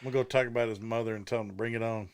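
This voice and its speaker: A man's voice: medium pitch, fairly even intonation, racing, creaky, clear, resonant tone, no room sound. Male co-host, mid voice, joking, dry close mic. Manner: joking and wisecracking, plugs the show chattily. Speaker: podcast co-host. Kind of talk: casual banter.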